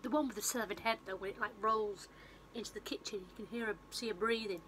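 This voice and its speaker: A woman's voice: mid-range voice, steady tone, quick pace, noisy background. A woman chatting on her vlog, rambling through a film plot with lots of fillers and restarts, recorded on a phone. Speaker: vlogger and film reviewer. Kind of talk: casual retelling of a film plot.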